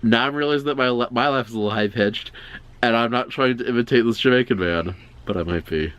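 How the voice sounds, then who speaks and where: A man's voice: medium pitch, quick pace, fairly bright tone, smooth, no room sound, lo-fi sound. A man co-hosting a casual chat, dropping dry, joking remarks. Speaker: podcast co-host.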